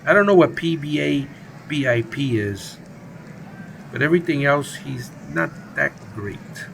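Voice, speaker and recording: A man's voice: a little high, expressive, a little slow, creaky, noisy background. A man hosting a gaming video, giving casual, playful play-by-play of a baseball simulation game. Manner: playful, jokey, chatty commentary. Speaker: gaming channel host.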